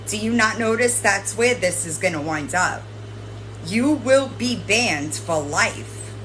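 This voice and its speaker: A woman's voice: medium pitch, expressive, takes it slowly, fairly bright tone, a little hiss or hum, poor audio. A woman host lecturing and scolding someone directly, swearing and tagging her points with "right?". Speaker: commentary channel host. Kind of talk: confrontational commentary addressing a streamer.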